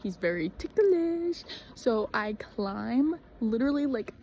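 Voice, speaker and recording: A woman's voice: fairly high pitch, big pitch swings, takes it slowly, few pauses, dark tone, a little hiss or hum, low-quality recording. A young woman telling a story in a chatty, dramatic way, full of fillers. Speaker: vlogger. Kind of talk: casual storytelling.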